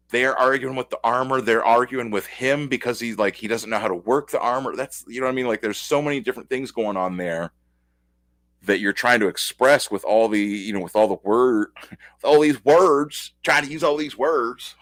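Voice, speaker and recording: A man's voice: medium pitch, fairly bright tone. A man giving a casual, rambling comic book review, enthusiastic and packed with fillers.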